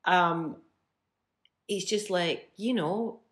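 A woman's voice: lowish voice, drawn-out words. A middle-aged Scottish woman, a band frontwoman, telling stories bluntly in a casual interview, swearing freely. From Scotland.

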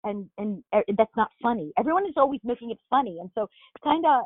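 A woman's voice: a little high, animated, fast, slightly rough, no room sound. A middle-aged woman from Long Island with a Long Island accent, chatting as an interview guest with lots of fillers and restarts. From Long Island, New York. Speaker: guest actress. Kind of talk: casual interview chat. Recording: dry tinny phone-like line.

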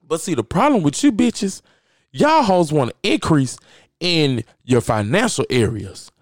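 A man's voice: a little high, big pitch swings, a little slow, no echo, clean studio sound. A man hosting a podcast, giving a blunt, profane motivational rant and hammering his points home by repeating phrases. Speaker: podcast host.

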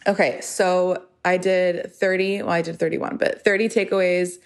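A woman's voice: lowish voice, little pitch movement, normal speed. A woman just turned thirty, hosting her own podcast in a chatty, rambling monologue full of "like" and self-deprecating asides. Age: 30s. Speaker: podcast host. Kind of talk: casual solo podcast monologue.

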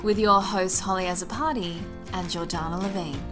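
A woman co-hosting a podcast in casual chat, chatty and quick to laugh. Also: fairly low pitch, fairly even intonation, music in the background. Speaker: podcast co-host.

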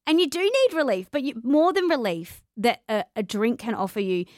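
A woman in early adulthood with a fairly high voice hosts a relaxed podcast chat. She tells stories with energy and slips into the voices of the people she quotes. The sound is close and dry. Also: moderate pace, dry recording. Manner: animated, acts out quoted voices. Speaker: podcast host. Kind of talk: casual conversation.

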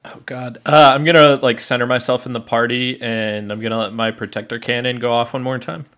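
A man's voice: mid-range voice, fairly even intonation, brisk, fairly bright tone. A man playing in a tabletop game, chatting casually and joking at his own expense. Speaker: player.

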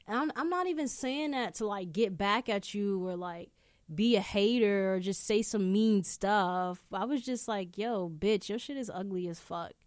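A young adult woman hosting a podcast, telling stories in casual chat, animated and swearing freely. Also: medium pitch, moderate pace, dry recording, clean studio sound. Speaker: podcast host. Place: indoor room.

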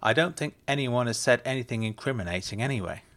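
A man voicing a chatty young woman who is blunt but kind, with a brisk, probing, matter-of-fact way of talking. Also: medium pitch, expressive, fairly bright tone.

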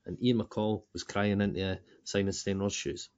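A Scottish man co-hosting a football podcast, talking in sweary, laughing, animated banter. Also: fairly low pitch, normal speed, muffled recording. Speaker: podcast co-host. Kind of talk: casual football chat.

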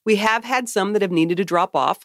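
A woman's voice: medium pitch, brisk, a bit bright, dry recording, clean studio sound. A woman co-hosting a podcast in casual chat, playful and affectionately teasing. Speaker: podcast co-host.

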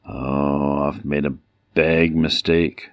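Man doing a panicking giant, boastful, rising squeaks, gravelly low base, storytelling. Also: steady tone, slow pace, no room sound, muffled recording, full character voice. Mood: panicked.

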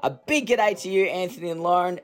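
A man's voice: high-pitched, a little fast, soft background music. A man, a children's author giving a cheery, teacherly guest message.

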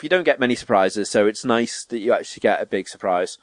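A young man, a podcast co-host telling stories in casual chat and jumping up in pitch to act out quotes. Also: quick pace, hardly any pauses, no echo. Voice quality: animated storyteller, swearing, acting out quotes in a higher voice.

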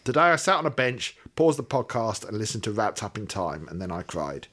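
A man's voice: on the low side, very animated, a little fast, a bit bright. Man reading a letter aloud. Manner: reads steadily, adding wry asides. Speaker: podcast co-host.

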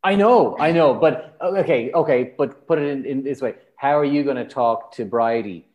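A man's voice: medium pitch, moderate pace, muffled recording. A man with an Irish accent, a matchmaker guest on a podcast, telling candid stories and acting out his clients' lines. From Ireland. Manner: animated storyteller, acts out clients' lines. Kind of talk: candid conversational interview.

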